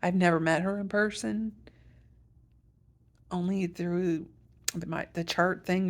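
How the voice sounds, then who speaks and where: A woman's voice: lowish voice, fairly even intonation, slow, long pauses. A middle-aged woman from Iowa in a casual vlog, talking through her treatment plan in a rambling, self-correcting way. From Iowa, USA. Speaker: patient sharing a health update.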